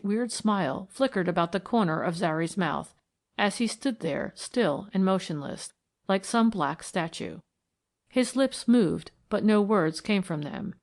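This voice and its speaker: A woman narrating a mystery audiobook in a measured, even storytelling manner. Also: mid-range voice. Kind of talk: scripted narration.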